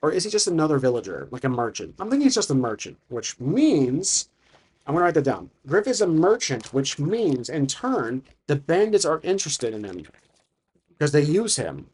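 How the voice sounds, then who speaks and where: Man, solo tabletop game master, thinking aloud, fairly high voice. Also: sing-song, moderate pace, darkish tone, breathy edge. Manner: thinking aloud, many fillers and restarts.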